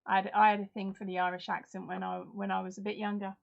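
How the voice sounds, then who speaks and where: A woman's voice: medium pitch, little pitch movement, fast, creaky, muffled recording. A woman hosting a live crafting stream in casual chat, reading out and answering viewers' comments. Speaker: host.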